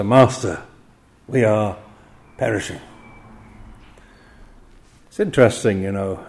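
A man's voice: mid-range voice, a little mellow. An older man preaching an expository sermon, often chuckling between points and voicing the quoted cries with drama.

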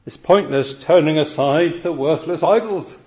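Earnest preacher, emphatic and questioning. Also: male voice, fairly high pitch, unhurried, a little mellow. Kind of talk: sermon.

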